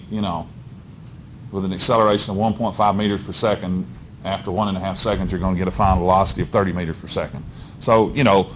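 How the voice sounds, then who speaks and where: A man's voice: lowish voice, a little hiss or hum. A male physics teacher, lecturing a class in a folksy, coaxing way and checking in constantly with "okay?" and "all right?". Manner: folksy, coaxing, talks straight to students.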